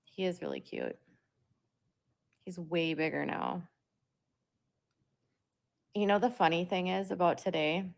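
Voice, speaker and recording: Young adult woman, low and gravelly, rambling casual vlog talk. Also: sing-song, a little slow, pauses often. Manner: rambling, talks through filler words. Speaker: parent vlogger. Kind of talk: casual monologue to viewers.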